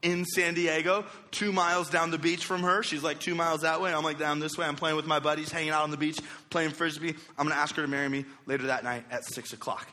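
Goofy youth pastor guy telling a story, bright voice, echoey hall. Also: fairly high pitch, fast, few pauses. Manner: goofy, animated, self-deprecating storytelling. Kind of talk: storytelling sermon.

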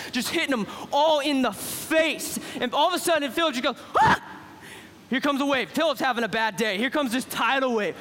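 An excitable man with a very high, bright voice tells a sermon story and acts out each character. His words echo through a large hall with a long reverb tail. Faint room ambience hums beneath him. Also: a little hiss or hum. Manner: excitable, acts out characters, drops to a hush for drama. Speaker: preacher.

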